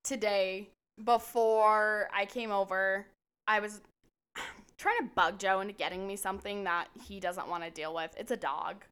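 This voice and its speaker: A woman's voice: medium pitch, steady tone, a little slow, a bit bright, clean tone. A young woman co-hosting a podcast, telling blunt, self-mocking stories in casual chat and swearing freely. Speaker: podcast co-host.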